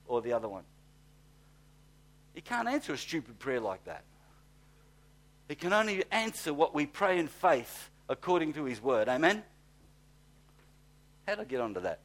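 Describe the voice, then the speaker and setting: A fiery preacher with a somewhat high-pitched voice. He drops to quiet, drawn-out scripture reading, then climbs into loud, fired-up exhortation. Blunt, folksy asides run through the whole sermon. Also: lively intonation. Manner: fiery, swings from hushed to shouting. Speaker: pastor.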